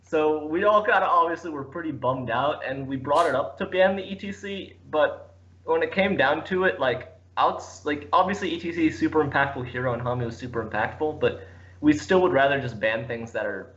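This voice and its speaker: A man's voice: a little high, a little fast, fairly bright tone, highs cut off. A man, an esports player guest, chatting casually, often laughing and restarting his sentences. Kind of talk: casual chat.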